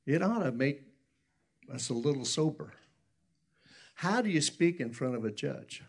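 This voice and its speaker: A man's voice: medium pitch, expressive, unhurried, slightly rough. A man preaching a sermon in a folksy, rambling storytelling way, often correcting himself and chuckling. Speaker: pastor.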